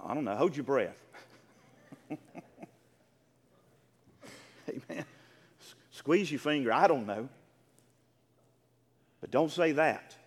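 A man's voice: fairly high pitch, animated, takes it slowly, pauses often, big-room sound. A male preacher, delivering an emphatic, fervent sermon and calling out to his congregation for responses. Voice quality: emphatic, rising to fervent shouts. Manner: call-and-response, exhorting the congregation.

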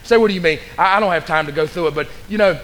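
A man's voice: high voice, rapid-fire, fairly bright tone, long reverb tail. A man preaching a fervent sermon as pastor, pressing the congregation with repeated questions. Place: church sanctuary.

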